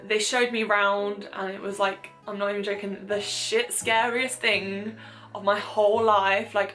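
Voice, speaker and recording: A woman's voice: mid-range voice, a bit bright. A young British woman talking candidly in a casual vlog, chatty with many fillers, swearing and self-mocking asides. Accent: British English. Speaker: vlogger. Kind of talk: casual confessional chat.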